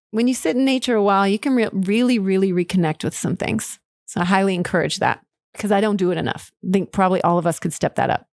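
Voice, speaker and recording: A woman's voice: mid-range voice, darkish tone, no room sound. Candid woman podcaster, dry close sound. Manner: candid, emotional, swears casually, laughs often. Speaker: podcast host. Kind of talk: personal storytelling monologue.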